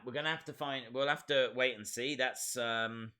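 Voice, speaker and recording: A man's voice: medium pitch, flat delivery, moderate pace, hardly any pauses, pushed and bright, clean tone. A man hosting a casual live stream, chatting and reading viewer comments aloud with lots of repeated phrases.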